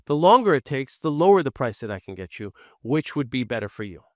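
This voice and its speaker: A man coaching real estate wholesalers, speaking bluntly and acting out his own lines to sellers in a lower, firmer voice. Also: very animated, brisk, a little mellow, dry recording, studio quality. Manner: direct, blunt, role-plays scripted seller lines in a low firm voice. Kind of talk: training presentation.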